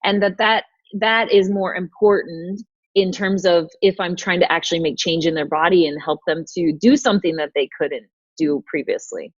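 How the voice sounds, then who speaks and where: A woman's voice: lowish voice, fairly even intonation, moderate pace, dry recording. Thoughtful woman host on a video call. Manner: thoughtful, searching for words. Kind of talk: casual chat on a video call. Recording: dull, lo-fi video call audio.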